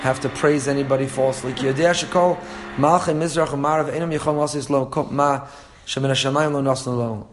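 A man teaching a religious class, reading passages and explaining them earnestly, often repeating phrases and chuckling at his own stories. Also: mid-range voice. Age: young adult to middle-aged, father of a four-year-old. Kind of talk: Torah class, reading texts and translating.

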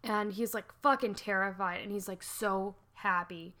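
Animated woman podcast host telling history. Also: medium pitch, normal speed. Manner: animated, swears freely, laughs often. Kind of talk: casual storytelling chat.

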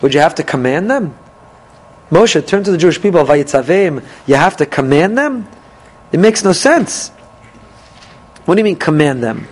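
A man with a high voice teaches a Torah class in an animated lecturing way. He keeps posing rhetorical questions and answering them himself. He quotes Hebrew verses and commentaries along the way. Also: normal speed, long pauses, husky, rough recording.

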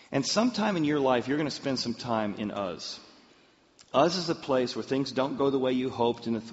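A man preaching a sermon, telling a personal story in an animated way and acting out the voices he quotes. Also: medium pitch. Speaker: pastor. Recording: muffled sound with long hall reverb.

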